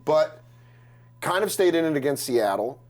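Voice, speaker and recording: A man chatting casually as a comedian guest on a podcast taped live, animated, laughing and slipping into voices. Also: fairly high pitch, moderate pace. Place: live podcast taping before an audience.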